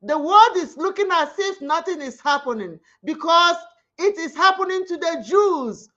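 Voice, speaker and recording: A woman's voice: very high-pitched, a bit bright, highs cut off. A woman with a Nigerian Igbo accent, hosting her own media channel and making an impassioned, pleading spoken appeal with heavy repetition. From southeastern Nigeria. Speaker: online media host.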